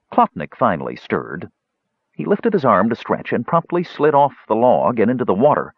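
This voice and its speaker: A man narrating a fantasy audiobook in a measured, expressive reading. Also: mid-range voice, breathy edge, no room sound. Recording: dull lo-fi dry recording.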